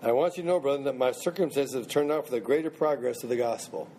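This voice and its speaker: Man, Bible study teacher, mellow tone, conversational, restarts phrases, faint background hum. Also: medium pitch, fast talker. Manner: conversational, repeats and restarts phrases, asks the group questions.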